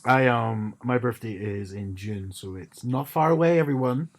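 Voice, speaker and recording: A man's voice: medium pitch, moderate pace. A man co-hosting a podcast in casual chat, rambling with frequent restarts and a wry tone. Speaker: podcast co-host.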